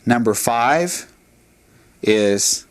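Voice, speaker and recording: A man teaching a recorded language lesson, patient and methodical, often pausing with "uh" and "all right". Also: mid-range voice, expressive.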